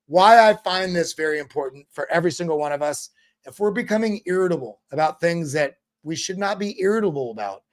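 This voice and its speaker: A man's voice: fairly high pitch, expressive, fairly quick. A man hosting a crypto show, giving a casual motivational talk that rambles and often repeats words.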